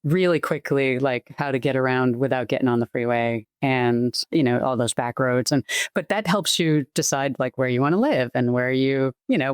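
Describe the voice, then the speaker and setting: A woman's voice: a bass voice, no echo. A middle-aged woman from Massachusetts with a light Boston accent, a guest on a podcast, talking in a chatty, rambling way. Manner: chatty, rambling, quick asides. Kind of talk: casual interview chat.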